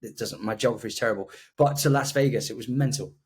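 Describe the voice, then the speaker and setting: A man's voice: medium pitch, quick pace, a little mellow. Hesitant man fumbling for words. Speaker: podcast co-host. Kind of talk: casual chat.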